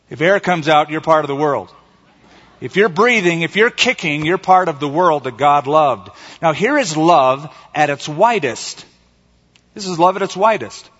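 Emphatic preacher in an echoing hall. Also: male voice, a little high, fairly bright tone. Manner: emphatic, drawing out key words slowly. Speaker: pastor. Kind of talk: sermon. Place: church sanctuary. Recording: echoey hall, slightly dull sound.

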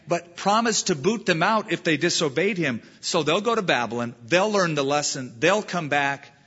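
A man's voice: on the high side, sharp tone. A man pastor preaching an emphatic verse-by-verse sermon, weaving in a story, on a dull lo-fi sermon recording. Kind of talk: expository sermon.

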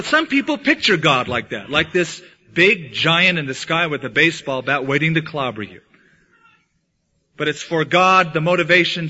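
Man, pastor, sermon, dramatic preaching, fairly high pitch, husky, lo-fi sound. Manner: dramatic preacher, swings from loud to hushed. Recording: dull lo-fi sound.

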